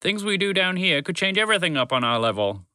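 Proud orange boy dragon, a guy voicing him, kinda high and bouncy, bossy when stuff goes wrong. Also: big pitch swings, fast, bright, forceful tone, smooth, dry recording, exaggerated voice. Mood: earnest. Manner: earnest, bossy when alarmed. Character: proud orange male dragon, careful, short arms.

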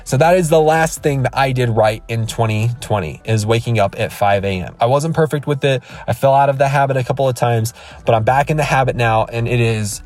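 A man's voice: mid-range voice, brisk, darkish tone, soft background music. A man in his thirties, a podcast host, giving an emphatic, rambling motivational rant from his car, recorded on a phone. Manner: emphatic, repetitive, rambling with restarts. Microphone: iPhone.

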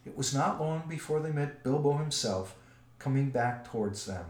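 A man narrating a storybook in a measured, expressive way. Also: mid-range voice. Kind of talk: storybook reading. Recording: roomy echo.

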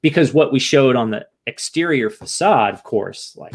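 A man from the United States speaks as a guest in a candid interview, his voice gravelly with a touch of fry. He sounds frank and emotional. He drops the odd curse word and often starts a sentence over. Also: mid-range voice, lively intonation, normal speed, hardly any pauses. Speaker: podcast guest and author.

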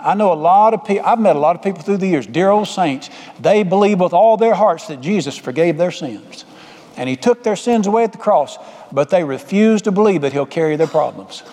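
A pastor preaches in a folksy, conversational manner, circling back to repeat his phrases. His voice sits high for a man but has a soft, mellow color. The sound carries a long reverb from the church hall. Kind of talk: sermon.

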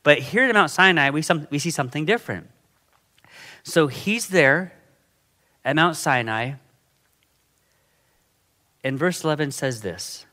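A middle-aged man preaching a sermon in a conversational, animated way, often checking in with his listeners. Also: a little high, measured pace, long pauses. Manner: conversational, animated, frequent "okay?" and "right?" check-ins. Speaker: pastor.

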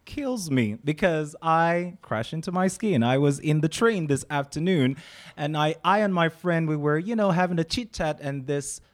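A man with a Nigerian accent delivers spoken-word poetry, leaning hard on each repeated phrase. His voice sits a little high for a man, and his delivery is emphatic and theatrical. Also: animated, moderate pace. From Nigeria, Calabar. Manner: dramatic, emphatic, with rhythmic repetition.

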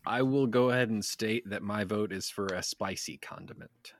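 A man's voice: lowish voice, moderate pace. A man in a casual chat with friends, joking around and laughing often.

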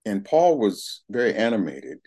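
A man's voice: on the low side, big pitch swings, moderate pace, warm tone, slightly rough. A middle-aged man giving a candid, plain-spoken personal testimony at a recovery meeting, with casual swearing. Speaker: speaker sharing his recovery story.

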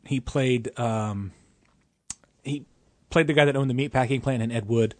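A man's voice: medium pitch, steady tone, dry recording. A man co-hosting a podcast, chatting loosely and joking with frequent restarts. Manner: rambling, joking, halting restarts. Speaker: podcast co-host. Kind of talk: casual chat.

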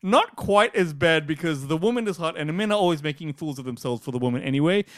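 A man's voice: fairly high pitch, fast talker, no room sound, studio quality. A man co-hosting a podcast, ranting in casual chat and swearing freely. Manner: animated, swearing, acts out quotes in mocking voices. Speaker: podcast co-host.

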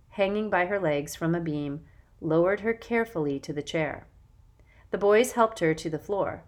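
Woman, audiobook narrator, lowish voice, measured and expressive.

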